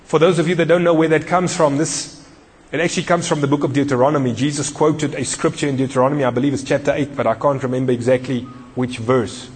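A man's voice: mid-range voice, fairly even intonation, quick pace, in a large hall. A man preaching a sermon, emphatic and repetitive, putting questions to the congregation. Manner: emphatic, repeats key phrases, questions the congregation.

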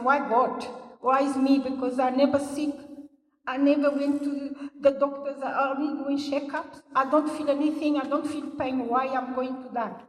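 An older woman, giving a personal testimony in church in halting English. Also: high voice. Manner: halting non-native English, earnest storytelling. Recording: echoey hall, voice from far off.

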